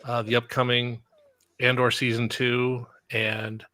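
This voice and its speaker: Older male guest, mid-pitched, easygoing dry humour. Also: level tone, slow, sharp tone. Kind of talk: casual chat.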